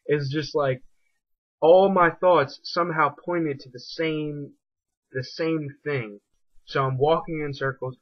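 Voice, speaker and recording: A man's voice: mid-range voice, no echo. A young man casually telling a personal story in a reflective, rambling way. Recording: dull lo-fi dry recording.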